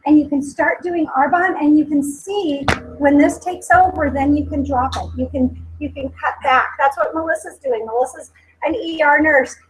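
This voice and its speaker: Woman with a high voice, motivational speech, earnest and emotional, repeats for emphasis. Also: low-quality recording. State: tearful at times. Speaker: company speaker at a sales meeting.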